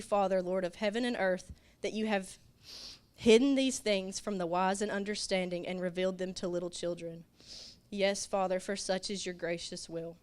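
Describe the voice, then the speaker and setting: A woman giving an earnest, emotional testimony in a church class, tearful and sniffling into a microphone. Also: medium pitch. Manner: emotional, earnest, halting with little laughs. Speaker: children's ministry volunteer.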